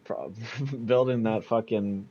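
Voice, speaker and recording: A man's voice: fairly low pitch, slow, warm tone. A man co-hosting a podcast, throwing in dry, crude wisecracks. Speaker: podcast co-host. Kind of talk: casual podcast banter. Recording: dull lo-fi mic with faint noise.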